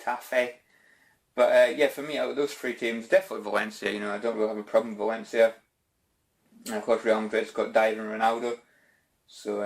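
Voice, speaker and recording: A Scottish man chats casually through viewer questions on his channel. His talk is loose and informal, peppered with "bloody" and "mate", in a voice of ordinary middle pitch. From Scotland. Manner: chatty and informal, says "bloody" and "mate" a lot. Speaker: YouTube gaming channel host. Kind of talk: casual Q&A vlog chat.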